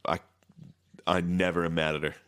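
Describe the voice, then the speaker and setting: Deep-voiced deadpan man. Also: normal speed, smooth. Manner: deadpan, dry jokey asides, swears freely. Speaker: podcast co-host. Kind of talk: casual comedic chat.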